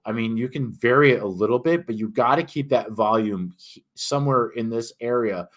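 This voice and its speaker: A man's voice: medium pitch, normal speed, a bit bright. An older man with a Northern US accent, talking emphatically in a casual ranting monologue as an author hosting a livestream. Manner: emphatic, ranting, frequent restarts and fillers.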